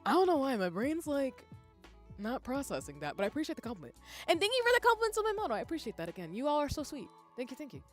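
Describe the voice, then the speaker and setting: A woman's voice: sits high, very animated, rapid-fire, soft background music. A woman streamer chatting casually with viewers, rambling and laughing often as she reads the chat aloud. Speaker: live streamer.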